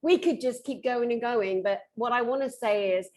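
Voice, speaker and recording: A woman with a somewhat high voice hosts a casual chat, gushing with praise and enthusiasm. She speaks over a video call in a loose, conversational style. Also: moderate pace, a little mellow. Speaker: host.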